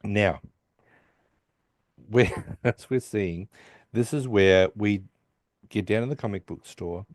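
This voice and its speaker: A man's voice: lowish voice, slow, long pauses, dry recording, clean studio sound. A man co-hosting a podcast, casually retelling a TV episode and acting out the characters' lines with restarts and asides. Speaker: podcast co-host recapping an episode. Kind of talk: casual chat.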